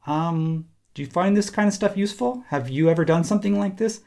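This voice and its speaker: Gravelly man talking through a tutorial. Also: high-pitched, brisk. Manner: relaxed, thinking aloud while working. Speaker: instructor. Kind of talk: screen-recorded software tutorial.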